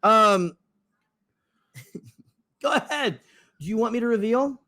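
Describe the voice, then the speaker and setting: A man's voice: high-pitched, lively intonation, slow, sharp tone. A man co-hosting a podcast in casual chat, rambling off on tangents with lots of fillers. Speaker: podcast co-host.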